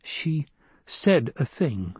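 A man's voice: mid-range voice, very animated, very slow, darkish tone, breathy edge, no room sound, pitched above the performer's own voice, exaggerated voice. A man voicing an earnest, troubled young male heir who speaks urgently when upset.

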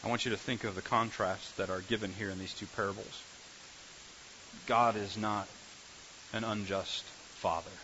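A man preaching a sermon as a pastor, animated, repeating phrases and restarting sentences as he builds his points. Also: lowish voice, normal speed, pauses often. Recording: dull recording with faint hiss.

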